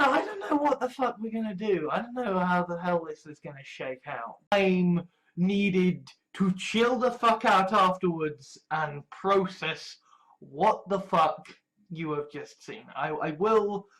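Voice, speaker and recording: A man's voice: fairly high pitch, a bit bright. A man talking casually and profanely, asking exasperated rhetorical questions. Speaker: host. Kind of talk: casual ranting commentary.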